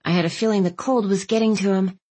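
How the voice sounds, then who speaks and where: A woman narrating a first-person audiobook in a wry, even storytelling manner. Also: mid-range voice, quick pace.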